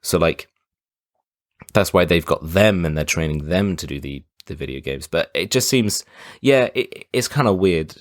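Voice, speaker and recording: Casting: low-voiced male podcast co-host, laid-back and halting, dry close recording. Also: animated, no room sound. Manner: laid-back, hesitant, lots of fillers. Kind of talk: casual film review chat.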